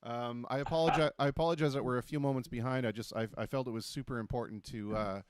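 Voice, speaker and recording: Male talk show host, mid-pitch, dry close sound, loose jokey storyteller. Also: steady tone, clean tone, no echo. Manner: chatty storyteller, quick and jokey with many restarts. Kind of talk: casual chat.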